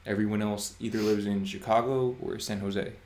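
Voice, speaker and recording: A man in his twenties hosting a casual livestream chat, relaxed and reading chat aloud. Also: fairly low pitch, moderate pace, roomy sound. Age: 20s. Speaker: livestream host.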